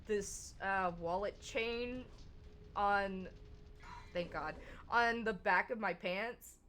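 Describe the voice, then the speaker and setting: A woman's voice: medium pitch, slow, a bit bright, slight background noise. A young adult woman streamer chatting casually while she plays a game, laughing often and swearing freely as she tells stories. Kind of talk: casual chat while gaming.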